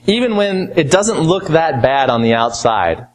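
Male preacher teaching scripture, slightly high voice, emphatic then hushed. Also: big pitch swings, unhurried, poor audio. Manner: teaching, asks rhetorical questions. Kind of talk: expository sermon.

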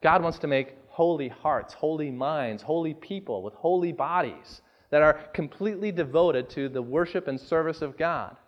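A man preaching a sermon as pastor, earnest and deliberate, stressing key words. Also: fairly high pitch, dull audio. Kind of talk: sermon with scripture reading.

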